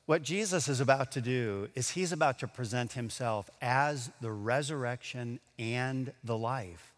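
A man's voice: mid-range voice, a little slow, in a large hall. A man preaching a sermon, reading scripture aloud and acting out the speakers, his voice jumping up for the emotional lines.

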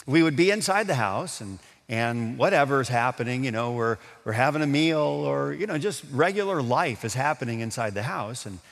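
A man's voice: mid-range voice, expressive, normal speed, gravelly, hardly any pauses, big-room sound. A man preaching a sermon, telling a childhood story in a folksy way with many restarts and asides to the congregation. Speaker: pastor.

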